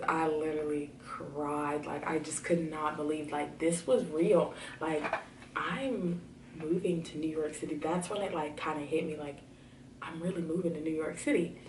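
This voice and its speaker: Young woman, casual vlog storytelling, low-ish voice, echoey room, a bit off-mic. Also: moderate pace, slight background noise. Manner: chatty, many fillers, excited. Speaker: vlogger. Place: home room. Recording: roomy, slightly distant camera audio.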